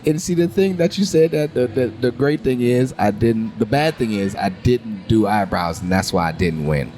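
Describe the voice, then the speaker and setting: Animated storytelling man, lively pitch. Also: moderate pace. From New Orleans. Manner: animated storytelling, acting out other people's voices. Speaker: podcast host. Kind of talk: casual chat.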